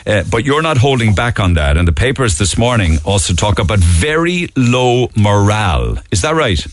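A man's voice: on the low side, big pitch swings, normal speed. A man with a Cork Irish accent hosting a morning radio show, chatting through the papers and making asides to listeners. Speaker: radio host.

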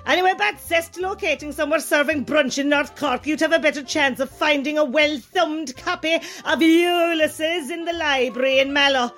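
A woman's voice: sits high, normal speed, few pauses, a bit bright, soft background music. A woman voicing a grumpy rural woman caller in a comedy radio sketch, sour and sarcastic. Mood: grumbling.

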